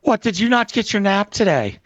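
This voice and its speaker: A man's voice: sits high, very animated, moderate pace, no echo, lo-fi sound. A man playing in a tabletop game, teasing the others playfully. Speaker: player. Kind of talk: casual chat at a tabletop game.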